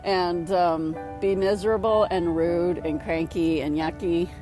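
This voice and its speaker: Outdoors at sunset, a middle-aged spiritual mentor gives a casual, upbeat motivational talk to camera, repeating phrases for emphasis. Her warm voice is fairly low and fairly even, measured in pace, with faint music behind her.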